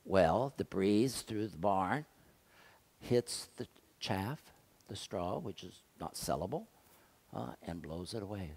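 An older man delivers a sermon from the pulpit, his voice sitting low. He talks to the congregation like a conversation, tossing out rhetorical questions. He swings between loud, pressing stretches and quiet, hushed ones. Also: animated, takes it slowly, husky. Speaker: pastor.

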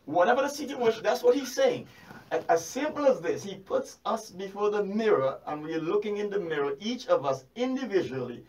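A high-voiced man delivers an animated sermon at a brisk pace, firing rhetorical questions at his listeners and repeating key phrases to drive them home. The microphone is some distance away, so he sounds far off.

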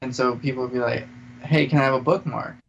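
A podcast co-host with a gravelly, mid-pitched voice delivers dad jokes and school stories in a dry, slightly hesitant way. The audio is a little dull, with faint hiss behind him. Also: male voice, fairly even intonation, fast. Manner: dry joke teller, slightly hesitant, with fillers. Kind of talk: casual chat, telling jokes.

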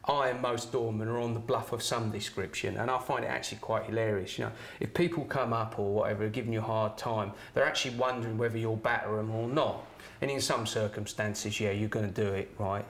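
Gravelly middle-aged storyteller. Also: male voice, fairly low pitch, fairly quick. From Kent, England. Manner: chatty, with "right?" tags and chuckles. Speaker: former doorman. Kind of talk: casual anecdote telling.

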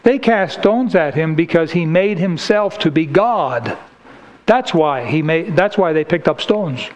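A man's voice: fairly high pitch, expressive, a little slow, low-quality recording. A man preaching a sermon in church, emphatic and combative, reading scripture aloud and hammering his points. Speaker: pastor.

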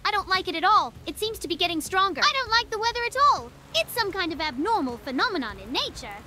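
A woman's voice: very high-pitched, big pitch swings, fast talker, bright, forceful tone, slight background noise, full character voice. A woman voicing a frightened young cartoon boy who pleads and cries for help. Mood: uneasy. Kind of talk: cartoon voice acting.

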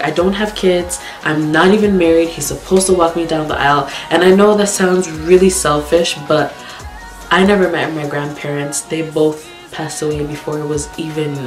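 A woman vlogger telling a painful personal story in a halting, tearful way, holding back tears. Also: deep voice. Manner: halting, tearful, many fillers and restarts. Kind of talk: emotional storytime monologue. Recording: roomy echo with faint background music.

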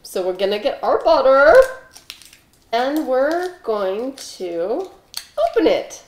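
A woman's voice: high-pitched, very animated, slow, echoey room. A young woman hosting a home baking vlog in her kitchen, joking and rambling between steps. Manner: silly, rambling, jokey asides. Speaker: host of a home baking show.

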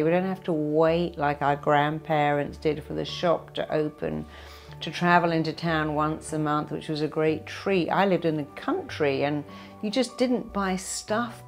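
A woman with a lowish voice gives an earnest motivational talk built on personal stories. She slows down to stress her points. Faint music plays behind her. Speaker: therapist and motivational speaker.

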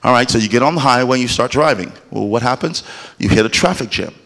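A man preaching a sermon in church. His delivery is emphatic and often swells into shouted exclamations, and he acts out the voices of the people in his stories. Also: mid-range voice, fast talker. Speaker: pastor.

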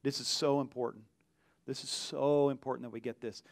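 A male pastor preaching an animated sermon, acting out voices from the story. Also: medium pitch, fairly quick, gravelly, no echo, clean studio sound.

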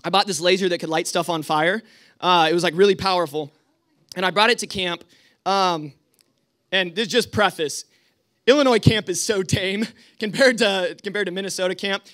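High bright-voiced young man telling stories. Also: moderate pace. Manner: casual, rambling, full of fillers. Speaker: youth group leader. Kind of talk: storytelling talk to a youth group.

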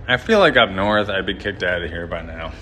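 A man's voice: deep voice, animated, fairly quick, pushed and bright, a little hiss or hum. A man rambling and joking to his viewers as he walks through a large hotel on a live stream, filmed on a handheld phone. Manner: chatty, rambling, jokey, talking to viewers. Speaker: livestreamer exploring a hotel. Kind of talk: live-stream walking commentary.

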